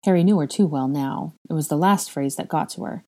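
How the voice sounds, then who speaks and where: A woman narrating a fan fiction story aloud in an even, measured way. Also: deep voice. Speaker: audiobook reader.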